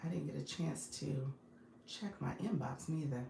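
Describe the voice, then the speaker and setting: A woman's voice: low-pitched, moderate pace, gravelly, roomy sound, background noise. A woman hosting a casual live stream from her phone, chatting with viewers, greeting them by name and laughing often. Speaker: live-stream host and business coach.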